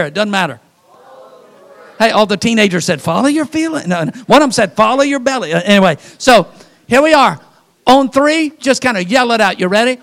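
A man's voice: sits high, a bit bright. A man in his sixties preaching a folksy sermon in a church, joking with the congregation and leading them in call-outs. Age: 60s. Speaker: pastor. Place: church sanctuary.

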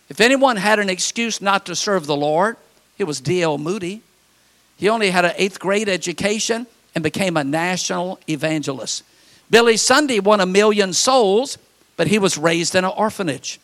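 High-voiced pastor preaching a sermon. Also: male voice, lively intonation, fairly bright tone. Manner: storytelling with acted quotes and dramatic pauses.

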